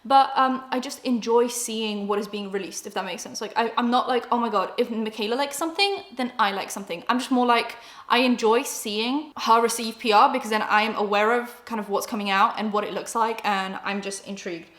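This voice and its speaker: A woman's voice: fairly high pitch, fairly even intonation, a little fast, few pauses, a bit bright, echoey room. A young British woman giving rambling, casual commentary with lots of filler words. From Britain. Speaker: beauty YouTuber.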